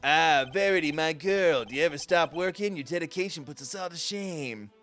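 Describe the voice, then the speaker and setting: A man voicing a sentimental, doting old committee chairman with a wistful, grandfatherly, drawn-out delivery. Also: on the high side, a bit bright, soft background music, lightly acted. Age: older.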